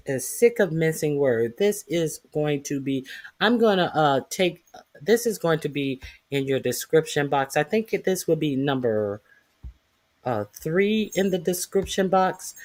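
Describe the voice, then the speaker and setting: A man hosting his own news commentary channel, introducing clips in a halting way with many fillers. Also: on the high side, lively intonation. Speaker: channel host.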